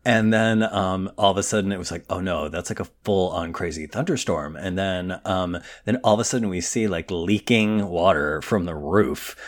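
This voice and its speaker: A man's voice: low-pitched, normal speed, hardly any pauses. A man co-hosting a podcast, chatting casually and telling a story full of "like" fillers. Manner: giggly, animated storyteller with many "like" fillers. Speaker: podcast co-host. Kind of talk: casual chat.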